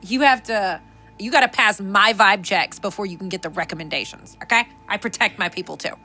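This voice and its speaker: A young adult woman hosting a casual podcast, sassy and animated, laughing often. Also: medium pitch, brisk, soft background music. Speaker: podcast host.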